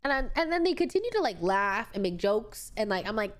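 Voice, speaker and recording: A woman's voice: mid-range voice, very animated, a little fast. A young woman streamer from the United States, chatting casually and rambling as she answers viewer messages.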